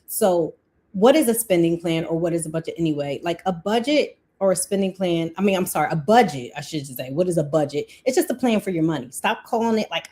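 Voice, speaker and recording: A woman, hosting a casual live-stream budgeting talk, chatty and quick to laugh, breaking off her own sentences. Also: medium pitch, dark tone. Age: 40s. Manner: chatty, laughs often, self-interrupting. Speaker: livestream host.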